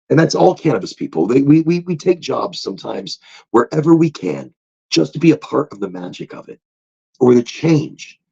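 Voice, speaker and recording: A man hosts a relaxed motivational podcast, his voice gravelly and a little husky. He talks in a loose, animated way, swinging his pitch up and down a lot. The recording sounds dull and lo-fi. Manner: animated, swoops into high excited tones when retelling stories. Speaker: podcast host. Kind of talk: casual motivational monologue.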